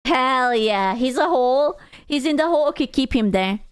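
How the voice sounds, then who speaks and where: A woman's voice: sits high, lively intonation, moderate pace, clear, resonant tone. A young woman from Hungary with a Hungarian accent, a streamer chatting casually with viewers, teasing, rambling and swearing freely.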